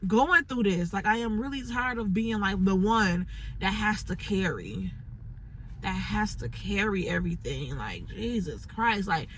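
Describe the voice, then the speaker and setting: A woman from Chicago talks straight into her phone from a parked car, her voice bright and sharp-edged. She rambles through her frustrations, with "like" scattered everywhere, and a faint hiss of noise sits under her. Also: mid-range voice, animated, measured pace, rough recording. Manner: frustrated, rambling, lots of "like" fillers. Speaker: entrepreneur vlogger. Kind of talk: unscripted venting monologue.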